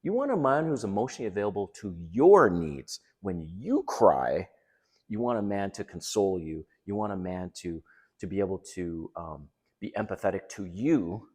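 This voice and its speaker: A man's voice: deep voice, animated, normal speed, a little mellow. A middle-aged man talking straight to other men, giving blunt, emphatic dating advice in a casual monologue.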